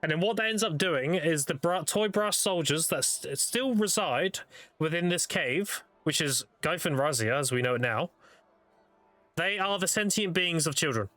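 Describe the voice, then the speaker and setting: A young male streamer talks through grim game lore in a relaxed, rambling way, swearing freely. His voice sits a little high for a man. The sound is dry and close, with no room around it. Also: normal speed, no echo. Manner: profane, laid-back lore explainer. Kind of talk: casual storytelling while gaming.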